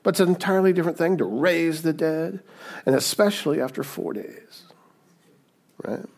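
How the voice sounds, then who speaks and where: A man's voice: fairly high pitch, expressive, moderate pace, creaky, a little mellow. A male pastor preaching a sermon in a conversational way, often checking in with "right?" as he retells Bible stories.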